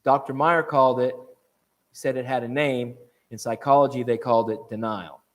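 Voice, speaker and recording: A man giving an evening church talk, lively and conversational, often restarting and checking in with questions to the room. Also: mid-range voice, normal speed. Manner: animated, repeats and restarts, asks the room questions. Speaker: preacher.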